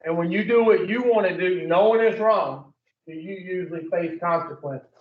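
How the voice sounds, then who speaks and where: A man's voice: high voice, moderate pace. A man leading an addiction recovery group in a preaching style, blunt and profane, firing questions at his listeners. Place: room with a group. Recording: echoey room, distant muffled mic.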